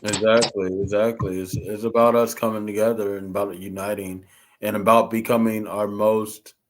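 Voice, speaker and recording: A man hosting a casual talk, calm and affirming as he agrees with his guest. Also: on the low side, moderate pace, noisy background. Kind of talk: casual talk-show chat.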